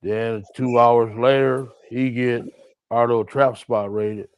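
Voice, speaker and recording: A man's voice: medium pitch, slow, clean tone, no room sound, muffled recording. A man telling stories in an interview, acting out what others said with crude language. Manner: animated, acts out quotes, profane. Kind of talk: interview storytelling.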